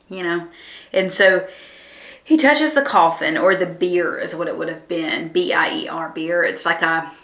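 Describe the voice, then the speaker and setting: A woman gives a conversational Bible lesson with a lower-pitched but bright, forward voice. She speaks in an earnest, reflective way, pausing on ums and restarting thoughts. The room around her is noticeably echoey. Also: creaky. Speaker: Bible study teacher.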